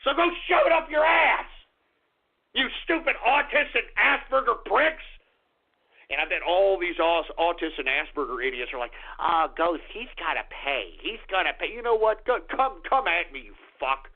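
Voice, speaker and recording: Man, radio host, angry insulting rant, very high voice, gravelly edge, tinny phone-line sound. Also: very animated, normal speed. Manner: abrasive, insulting, shouting.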